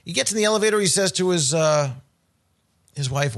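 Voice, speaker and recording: A man with a slightly high voice gives casual, unscripted commentary. He rambles, loses his place, and calls things stupid without softening it. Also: animated, a little fast. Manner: opinionated, rambling, blunt. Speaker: financial commentator. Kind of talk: casual talk.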